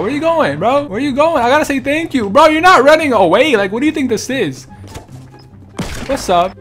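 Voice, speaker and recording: A man's voice: very high voice, animated, moderate pace, fairly bright tone, soft background music. A young man giving casual, joking commentary while he plays a game and talks to other players and viewers. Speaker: gaming streamer.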